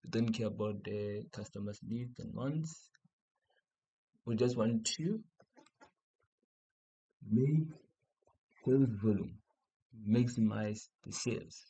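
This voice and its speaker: South african guy teaching exam revision, says things over and over, warm low-key tone. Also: slow pace, pauses often, highs cut off. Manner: repeats key points, asks and answers his own questions.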